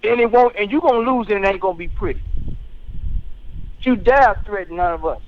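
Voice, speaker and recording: Fiery high-voiced man on talk radio. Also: a little fast, phone-quality sound. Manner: fiery, preachy, keeps asking "you understand?". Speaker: radio talk show host. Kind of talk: heated political commentary.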